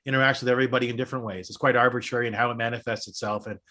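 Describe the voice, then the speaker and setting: A sports podcast co-host in his thirties or forties argues his points at length in casual chat, earnest and persuasive. His mid-range voice is steady and sharp, and he speaks rapid-fire.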